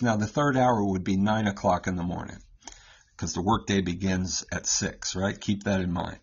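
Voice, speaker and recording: A man's voice: deep voice, normal speed, breathy edge, muffled recording. A man explaining a scripture passage in a conversational teaching style, going step by step and often checking in with his listeners. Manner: explains step by step, keeps asking "right?". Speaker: Catholic Bible teacher.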